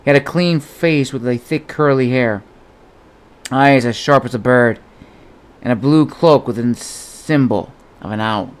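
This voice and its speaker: In a smooth, mid-range voice, a man reads an adventure novel for an audiobook. He keeps a steady storytelling manner at a slightly slow pace.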